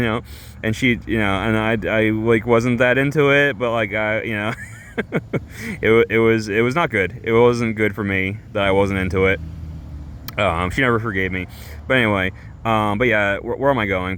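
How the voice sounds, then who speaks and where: A man streamer telling a rambling comic story, halting and full of fillers and restarts. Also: fairly low pitch, a bit bright, slight background noise. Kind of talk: rambling comedic monologue.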